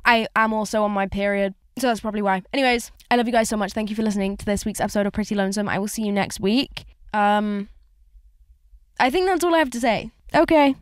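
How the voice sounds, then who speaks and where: A woman's voice: mid-range voice, fast talker, clean tone, no room sound, clean studio sound. A woman hosting a casual solo podcast from inside her car, rambling candidly with lots of swearing and filler words. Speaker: podcast host.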